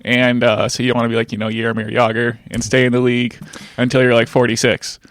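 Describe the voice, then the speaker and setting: A man around forty co-hosting a podcast in casual chat. He speaks in a relaxed, easygoing way and hesitates now and then. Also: mid-range voice, quick pace, no echo. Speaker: podcast co-host.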